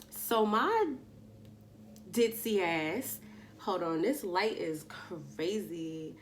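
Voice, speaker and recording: A woman tells a casual storytime to her camera, her delivery slangy and animated. She slips into the voices of the people she's quoting as she goes, in a plain middle register. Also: mid-range voice, very slow, slight background noise. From Long Island, New York. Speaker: vlogger. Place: indoors at home, daytime.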